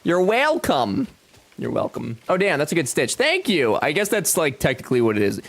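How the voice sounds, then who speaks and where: A man's voice: fairly high pitch, wildly swooping pitch, normal speed, creaky, a bit bright. A man streaming a game from home, chatting casually with his viewers and joking with lots of swearing. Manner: joking and profane, talks back to chat. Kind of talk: casual live-stream chat.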